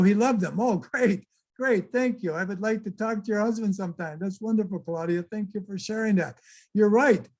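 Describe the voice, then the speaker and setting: Chatty older man with gravelly voice. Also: sits high, darkish tone. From United States. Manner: chatty, exclaiming, talks to audience. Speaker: presenter. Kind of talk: casual slideshow talk.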